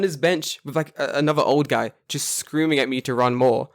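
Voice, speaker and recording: A man in his twenties co-hosting a podcast in casual chat, telling stories with lots of energy, jumping into a high excited voice for quotes and swearing freely. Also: brisk, no echo, studio quality. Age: 20s. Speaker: podcast co-host.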